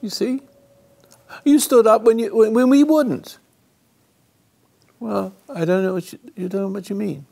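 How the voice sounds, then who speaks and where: A man hosting a call-in radio show, telling a story dramatically and swinging between loud and hushed, halting and restarting mid-phrase. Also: sits high, vocal fry.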